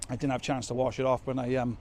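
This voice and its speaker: Out in a rainy loading yard, a man who vlogs about trucking rambles casually as he loads up, poking fun at himself as he works. He talks very fast in a medium-pitched, level, darkish voice, and a little background noise comes through.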